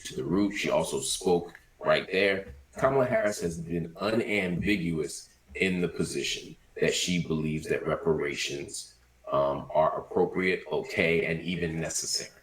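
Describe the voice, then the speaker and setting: A man giving measured, explanatory news commentary in a played clip. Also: sits low, a bit bright, low-quality recording.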